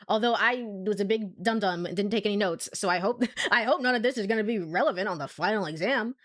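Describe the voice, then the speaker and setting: A woman's voice: mid-range voice, fast, hardly any pauses, fairly bright tone, no room sound, studio quality. A young woman streaming a game, chatting casually and laughing often. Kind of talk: casual gameplay commentary.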